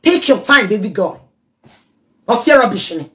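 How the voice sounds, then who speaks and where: A middle-aged Nigerian woman chatting casually in a reaction vlog, animated and scolding by turns. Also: mid-range voice, moderate pace. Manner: animated, mixes pidgin and Yoruba, scolding asides. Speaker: social media commentator.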